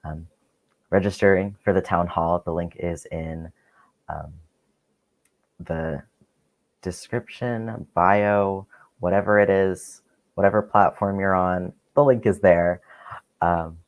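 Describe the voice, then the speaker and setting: A man with a very low voice hosting a live stream from a video call. He thanks and praises his guests in a halting, encouraging way. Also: steady tone, dull audio. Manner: encouraging, with frequent "um"s. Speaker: host.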